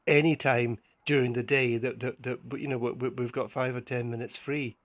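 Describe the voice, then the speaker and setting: A man's voice: medium pitch, steady tone, normal speed. A man with a mid-range voice chats as a guest on a radio talk show. He is hesitant and often stumbles and repeats words as he speaks.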